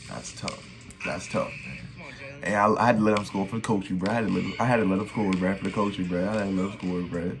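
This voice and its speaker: A young man giving excited reaction commentary on his old basketball footage, trash-talking and repeating his phrases. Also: low-pitched, fast. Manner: hype trash talk, repeats phrases, keeps saying "bro". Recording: faint music behind.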